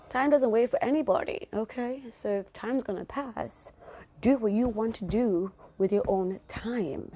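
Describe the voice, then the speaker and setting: A woman's voice: fairly high pitch, a little slow, mellow. A woman hosting her own podcast, talking casually and affectionately to her listeners with pep-talk encouragement. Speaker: podcast host. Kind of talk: casual solo podcast monologue.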